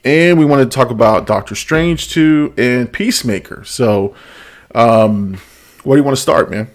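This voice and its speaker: A man's voice: medium pitch, moderate pace. A middle-aged man hosting a casual pop culture chat, talking with many restarts and small laughs. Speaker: podcast host.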